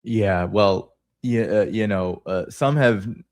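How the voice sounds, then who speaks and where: A man's voice: lowish voice, slow, a little mellow, no room sound, studio quality. A man hosting an interview, asking long, rambling questions full of fillers. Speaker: show host.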